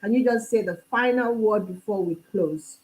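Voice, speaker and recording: A woman's voice: medium pitch, normal speed, darkish tone, rough recording. A woman hosting a live online talk show, encouraging her guest and her followers. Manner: encouraging, frequent short affirmations. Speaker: host.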